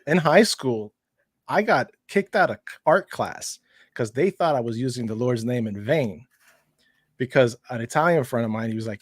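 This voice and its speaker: A man's voice: moderate pace, no room sound, clean studio sound. A man who is a guest on a casual podcast, telling a story expressively. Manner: expressive storyteller, swings his pitch widely.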